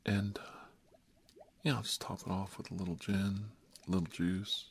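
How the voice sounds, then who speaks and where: A man telling a rambling comic story in an animated, wry way, with hushed, whispery asides and many repeated words. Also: sits low, moderate pace, creaky, a little hiss or hum. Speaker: comedic monologist.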